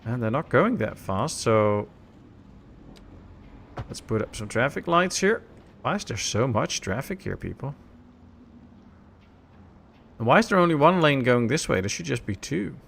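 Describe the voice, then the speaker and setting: A man casually commenting while he plays a city-building game on a live stream, relaxed and chatty, answering chat as he goes. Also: medium pitch, unhurried, creaky, pauses often, husky.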